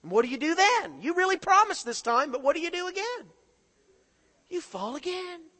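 Male preacher, high bright voice, hushed prayer into fervent altar-call preaching. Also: very animated, moderate pace. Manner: soft hushed praying, then rising impassioned preaching.

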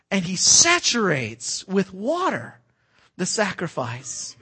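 A man with a fairly high-pitched voice delivers a sermon. He quizzes his listeners with fill-in-the-blank questions. He drops to a hush and then rises to loud, emphatic preaching. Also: a little slow, slightly rough. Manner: swings between hushed and loud emphatic preaching.

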